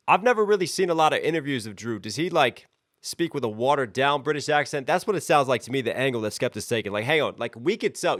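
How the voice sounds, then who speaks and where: A man's voice: medium pitch, fairly bright tone, no echo, studio quality. A man hosting a music reaction video, energetically breaking down rap lyrics line by line. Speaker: reaction channel host.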